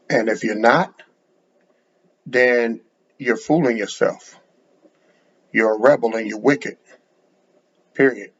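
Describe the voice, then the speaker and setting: A man's voice: fairly low pitch, slightly rough. A man preaching bluntly, lecturing and repeating words as he speaks, in a dull lo-fi recording. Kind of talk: sermon to camera.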